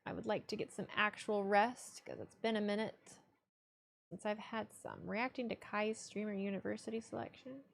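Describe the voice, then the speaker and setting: A woman's voice: medium pitch, steady tone, normal speed, gravelly. A young woman streaming casually, joking and speaking bluntly, with free swearing. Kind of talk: casual live-stream chat.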